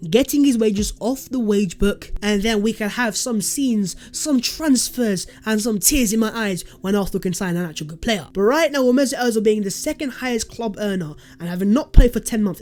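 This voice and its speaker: A speaker hosting a football transfer news vlog. They talk in a lively, sarcastic way, with sudden jumps in pitch and loudness. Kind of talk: fan commentary vlog.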